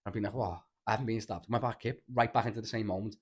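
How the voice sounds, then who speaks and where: A man with a Liverpool accent talks at a quick clip in a fairly low voice. He rambles through a story in casual podcast chat, stacking up filler words and swearing freely. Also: fairly even intonation. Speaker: podcast co-host.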